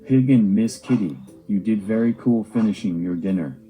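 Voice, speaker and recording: A man's voice: fairly low pitch, moderate pace, warm tone, faint music behind, low-quality recording. A man narrating a homemade cartoon video diary with simple, earnest storytelling.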